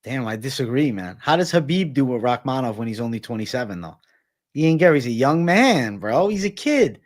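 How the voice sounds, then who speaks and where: A man co-hosting a casual sports talk show, earnest and emphatic, often calling his partner "bro" and "man". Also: medium pitch. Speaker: MMA podcast co-host.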